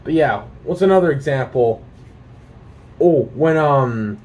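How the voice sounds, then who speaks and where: A young man with a somewhat high voice rants about his pet peeves. He swears freely and fills his talk with "like" and "um". He is from Canada and talks in an animated, casual way. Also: normal speed. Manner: profane, animated ranting with many fillers. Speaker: vlogger. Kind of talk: casual ranting monologue.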